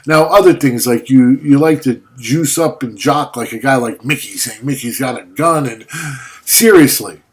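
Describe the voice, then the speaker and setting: A man's voice: medium pitch, moderate pace. A man ranting at a rival in a video monologue, confrontational and mocking, swearing often, just after waking up. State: just woken up. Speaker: vlogger.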